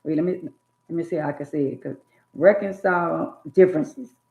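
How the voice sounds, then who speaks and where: A vlogger with a low, darkish voice and some vocal fry preaches life advice straight at her viewers, talking fairly quickly in an emphatic, sermon-like monologue. The audio sounds tinny, like a phone, and the room is echoey.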